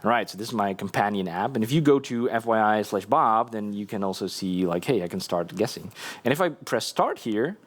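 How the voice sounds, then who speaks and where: A man's voice: on the low side, expressive, a little fast. A man giving a casual, chatty live tech talk at a conference, with lots of fillers and restarts. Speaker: conference speaker. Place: conference hall.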